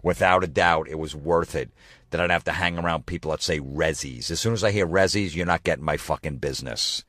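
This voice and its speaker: A low-voiced man rants through a comedy podcast, swearing freely and sounding exasperated. He mocks the people he complains about with quick impressions. The sound is dry and close to the mic. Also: a bit bright, dry recording. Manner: profane, exasperated ranting with mocking impressions. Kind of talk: ranting comedy podcast monologue.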